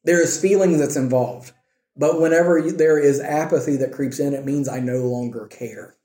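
Male Bible class teacher, mellow voice, echoey room, asks the class questions. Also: mid-range voice, moderate pace. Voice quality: says he has trouble with R's. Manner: asks the class questions, frequent "okay" and "right". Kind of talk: church class teaching on marriage.

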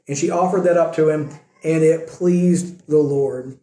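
A man's voice: on the high side, fairly even intonation, a little slow, warm tone, roomy sound, rough recording. A man preaching a conversational sermon as pastor, using rhetorical questions. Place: church sanctuary.

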